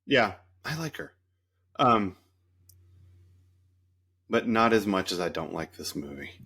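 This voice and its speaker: A man's voice: low voice, big pitch swings, slow, sharp tone, husky. A man from Kentucky co-hosting a podcast in casual chat, joking and sarcastic. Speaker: podcast co-host.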